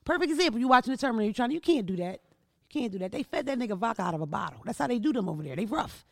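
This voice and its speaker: Brash, gravelly-voiced woman podcast host. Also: a little high, sing-song, racing, darkish tone, dry recording, studio quality. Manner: brash, profane storytelling with rising outbursts. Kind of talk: casual comedic monologue.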